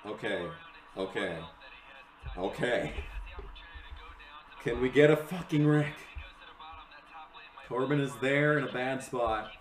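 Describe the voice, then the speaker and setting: A young man giving live reaction commentary to a race, excitable and swearing, yelling at the screen. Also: medium pitch, slow, long pauses, echoey room, faint music behind, low-quality recording.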